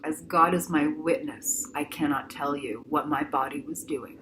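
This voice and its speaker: A woman passionately retelling a personal ordeal, slipping into other people's voices as she goes. Her voice sits a little low. A steady background noise runs under the recording. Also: moderate pace. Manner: emotional, animated, acts out voices. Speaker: patient telling her story. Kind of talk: dramatic personal storytelling.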